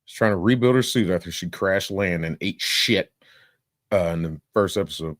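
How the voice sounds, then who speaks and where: A man's voice: low voice, moderate pace, dry recording, clean studio sound. A man rambling casually and profanely through commentary, dropping sound-effect fillers and laughing now and then. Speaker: reaction streamer.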